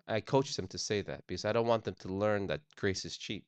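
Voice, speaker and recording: A man delivers a sermon in a low, deep voice, earnest and conversational, repeating and restarting phrases. The sound is dry, with little room in it. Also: fairly quick, clear, resonant tone, no room sound. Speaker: pastor. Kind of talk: sermon on forgiveness.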